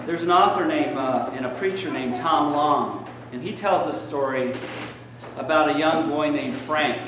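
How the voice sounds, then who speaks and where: Over a noisy background, a fairly high-pitched priest delivers a sermon, telling stories conversationally with many fillers. The recording comes from a distant mic in an echoey church.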